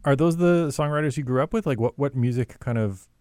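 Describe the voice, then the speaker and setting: A man's voice: medium pitch, a little fast, darkish tone, no echo. A male radio interviewer who asks loose, rambling questions full of "like" and restarts. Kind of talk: casual interview.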